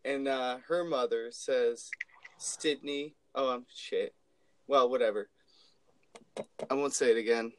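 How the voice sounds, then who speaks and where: A man's voice: medium pitch, unhurried, long pauses, slight background noise, rough recording. A man co-hosting a casual podcast, trading sarcastic, profane jokes and stories about his daughter. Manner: joking, sarcastic banter with profanity. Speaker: podcast co-host; father.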